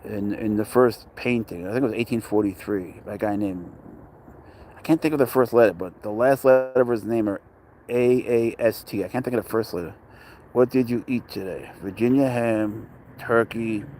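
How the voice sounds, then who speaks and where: A man's voice: fairly low pitch, normal speed, a little mellow, slight background noise. A man chatting casually outdoors at a dog park, joking, talking to his cat and greeting viewers by name. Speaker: pet owner vlogger. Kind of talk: casual rambling chat.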